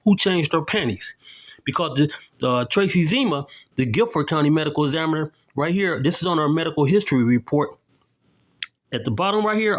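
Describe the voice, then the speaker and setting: Middle-aged man, raised pitch, emphatic vlogger cadence, pointed and insistent, checks in with "okay?". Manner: indignant, accusatory, keeps tagging "okay?"; explains while showing documents to the camera. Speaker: independent video commentator. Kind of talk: emphatic on-camera commentary.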